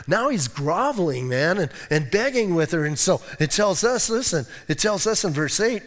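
A male pastor preaching a sermon in an animated, conversational way, acting out quotes and laughing often. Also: on the high side, a little slow, hardly any pauses, long reverb tail.

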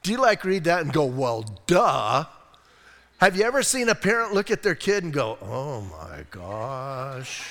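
A man's voice: high-pitched, moderate pace, big-room sound. A man with an American accent preaching a sermon as pastor, telling stories with jokes and asides. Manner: animated storytelling with jokes and asides. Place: church sanctuary.

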